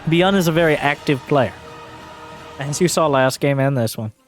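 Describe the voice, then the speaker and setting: A man giving solo play-by-play commentary on a strategy game, getting excitable and shouting when fights break out. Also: normal speed, soft background music. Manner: excitable, voice jumps high and shouts during fights. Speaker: esports caster.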